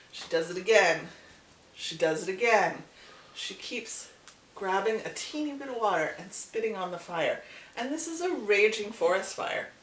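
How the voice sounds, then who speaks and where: A woman hosting her channel, telling a folk tale in a casual, animated way with chatty asides. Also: fairly low pitch. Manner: animated, repetitive storytelling with asides. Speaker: channel host and storyteller. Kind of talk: casual storytelling vlog. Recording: echoey room, distant mic, faint hiss.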